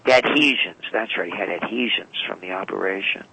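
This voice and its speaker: A man's voice: low voice, fairly quick, bright, forceful tone, husky, poor audio. A man as a radio guest, telling long rambling anecdotes and often correcting himself. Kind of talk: storytelling interview talk. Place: radio call-in or studio.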